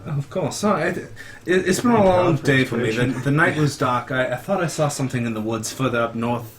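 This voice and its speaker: A man's voice: mid-range voice, crowd noise, close to an everyday voice. A man voicing a tired young male monster-hunting bard in a tabletop game, rambling and stumbling over his words. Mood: weary. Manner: rambling, halting, repeats words.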